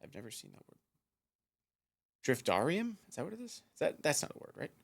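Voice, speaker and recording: A man's voice: on the high side, wildly swooping pitch, brisk, gravelly. A man live-streaming from his piano, chatting casually, reading viewers' messages aloud and humming to himself as he mulls them over. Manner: musing aloud, reading chat, humming, laughing. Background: soft background music.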